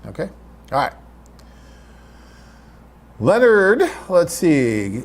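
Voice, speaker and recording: A man's voice: medium pitch, sing-song, takes it slowly, long pauses. A man hosting a live webcast, reading out viewer questions and answering them in a chatty, off-the-cuff way.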